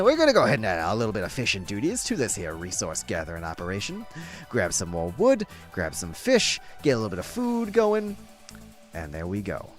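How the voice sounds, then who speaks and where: Man streaming a game with lively pitch. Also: faint music behind. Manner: joking, rambling, drawn-out gags. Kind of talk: live game commentary.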